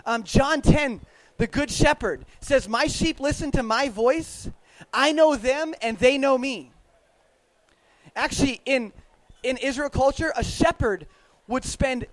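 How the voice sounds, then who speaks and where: Very high-voiced man giving a faith talk. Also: no room sound, rough recording. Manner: casual, chatty, laughs often, questions the crowd. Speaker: youth minister. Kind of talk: interactive faith talk to an audience.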